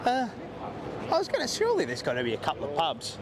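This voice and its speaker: A man's voice: a little high, wildly swooping pitch, fast, over a noisy crowd, heavy background noise. An Australian man with a rowdy, laughing manner, interviewing passers-by on a busy city street. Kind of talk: boisterous street vox pop.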